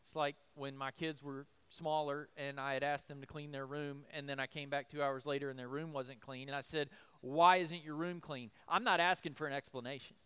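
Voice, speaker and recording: A man's voice: mid-range voice, flat delivery, brisk, few pauses, sharp tone, smooth. A middle-aged male pastor preaching a sermon, building emphasis with rhetorical questions.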